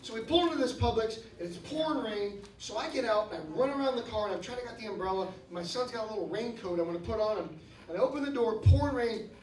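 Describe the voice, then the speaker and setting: A man in his fifties telling stories in a stand-up comedy set, breaking into shouted rants. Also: high voice, lively intonation, fast talker, slight background noise. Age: 50s. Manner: storytelling, bursts into shouted rants. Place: comedy club stage. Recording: roomy club sound from a distance. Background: audience laughing.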